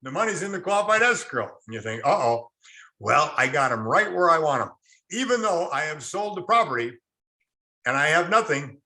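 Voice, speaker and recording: A man with a medium-pitched, pushed and bright voice teaches a real estate class online. He explains through stories, quotes people in acted asides, and quizzes students in the chat.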